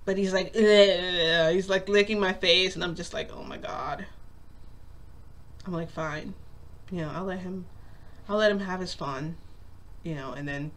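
A woman's voice: fairly low pitch, normal speed, fairly bright tone. A woman vlogger telling a long story in a casual, rambling way, full of "like" and acted-out quotes. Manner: rambling, lots of "like", acts out quotes.

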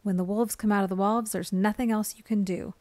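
A woman's voice: mid-range voice, steady tone, fairly quick, warm tone, no room sound, lightly acted. Distracted father, brushes things off, read by a woman; dry. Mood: dismissive.

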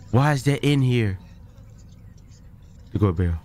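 A man hosting a gaming video, giving casual, slangy let's-play commentary and yelling in fright. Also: lowish voice, slow pace, pauses often, a little hiss or hum. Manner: excitable, yells in fright, slangy.

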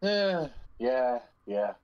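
Dude hosting a podcast, crude jokes, rambles on, super animated pitch. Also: male voice, drawn-out words, clean tone, dull audio. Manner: crude, rambling, joking banter. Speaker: podcast host. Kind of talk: casual podcast chat.

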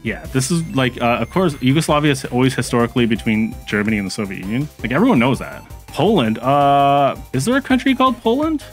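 A man's voice: mid-range voice, lively intonation, fast, few pauses, soft background music. A man casually commenting on his strategy game stream, chatting with viewers and reacting as he goes, with frequent fillers and restarts.

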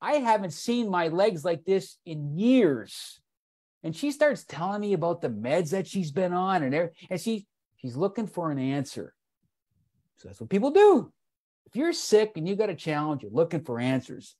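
Animated folksy man telling a sales story. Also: a little high, normal speed. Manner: folksy, repeats "folks", acts out quotes. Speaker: wellness product presenter. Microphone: video call.

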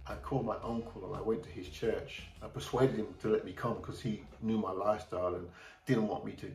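A man's voice: fairly low pitch, fairly even intonation, a little fast, darkish tone. Earnest middle-aged man in a roomy church. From England. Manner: candid, plain-spoken, earnest. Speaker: church member giving testimony. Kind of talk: personal testimony in church. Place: church hall. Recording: roomy church hall from a distant mic, faint music.

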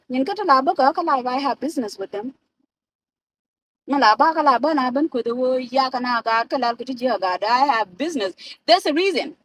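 A woman's voice: sits high, fairly bright tone, low-quality recording. A South Sudanese woman in a car, ranting and swearing into her phone camera, switching between languages. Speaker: vlogger. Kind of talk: profane ranting vlog.

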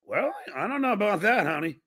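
A middle-aged man hosting a podcast, loud, excitable and profane. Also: sits high, brisk. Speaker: podcast host.

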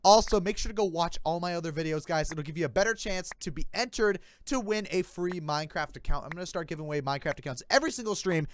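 A young man hosting a gaming livestream, chatting fast and breaking into hyped, shouty bursts while he plays. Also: a little high. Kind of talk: excited gaming livestream chat.

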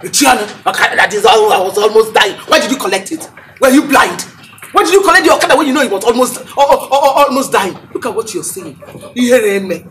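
An actress with a Nigerian accent playing a fiery middle-aged wife who scolds loudly and drops Igbo words into her talk. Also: fairly high pitch, expressive, a little fast, slight background noise. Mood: scolding.

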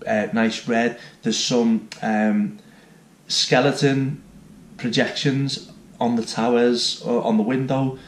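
A man's voice: medium pitch, a little mellow. Chatty man, roomy sound. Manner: enthusiastic, chatty. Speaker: theme park reviewer. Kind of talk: casual vlog review. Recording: roomy echo.

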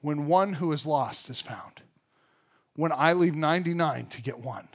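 A man's voice: a little high, measured pace. A man preaching a sermon at a church service, telling funny everyday stories and acting out the voices in them. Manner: animated storyteller, acts out funny everyday scenes. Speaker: pastor.

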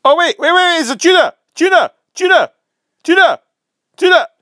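Man doing a Scottish cat voice, loud, excitable, easily distracted, dry sound. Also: extremely high pitch, moderate pace, dry recording, pitched above the performer's own voice, full character voice. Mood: excited.

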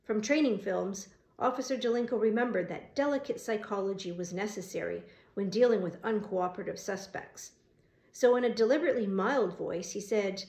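A woman reading a novel aloud as an audiobook narrator, steady and even, fixing small slips as she goes. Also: mid-range voice, brisk. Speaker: audiobook reader. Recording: roomy echo.

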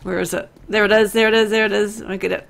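A woman's voice: mid-range voice, fairly even intonation, fast talker, creaky. A woman hosting a casual gaming session, chatty and giggly as she thinks aloud while looting. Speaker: let's play host.

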